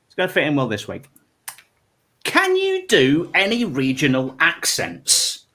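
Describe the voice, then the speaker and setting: A man's voice: fairly high pitch, wildly swooping pitch, measured pace, sharp tone. A man hosting a live online comedy panel show, teasing the panel and poking fun at himself, often repeating his words.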